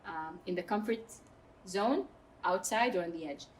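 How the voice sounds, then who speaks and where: A woman's voice: on the low side, slight background noise. A woman in her thirties from Saudi Arabia, talking candidly and emphatically as a podcast guest. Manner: outspoken and emphatic, quick asides. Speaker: guest, mountaineer.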